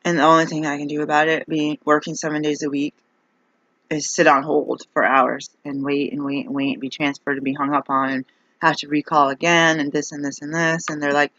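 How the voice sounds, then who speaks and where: A woman's voice: sits low, little pitch movement, fairly quick, a bit bright, no echo. A woman ranting in a casual vlog, rambling and exasperated as she complains. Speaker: vlogger. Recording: dull, dry lo-fi recording.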